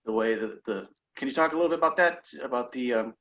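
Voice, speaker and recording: Host, man, mid-pitched, rambling halting questions, lo-fi sound. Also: expressive, a bit bright. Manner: halting, restarts while asking questions. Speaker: interview host. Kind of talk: casual interview questions.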